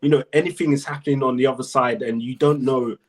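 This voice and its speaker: A man's voice: mid-range voice, steady tone, fast talker. A man on a casual football podcast panel, talking earnestly and repeating his points. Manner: earnest, talks in repeated phrases.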